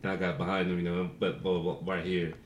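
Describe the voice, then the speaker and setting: A man's voice: low voice, flat delivery, fast, a little hiss or hum. A man co-hosting a podcast, telling stories in casual chat, swearing freely and laughing often. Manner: profane, laughs often through his stories. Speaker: podcast co-host. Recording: roomy echo.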